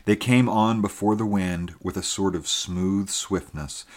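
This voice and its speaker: A man narrating a story in a measured, steady reading. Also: sits low. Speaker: audiobook narrator. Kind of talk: scripted narration.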